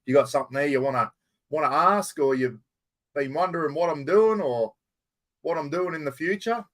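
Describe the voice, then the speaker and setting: A man's voice: on the high side, normal speed, a bit bright. A middle-aged man with an Australian accent, hosting a casual live chat, greeting viewers by name and swearing in an easy way. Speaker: livestream host. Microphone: plugged-in microphone.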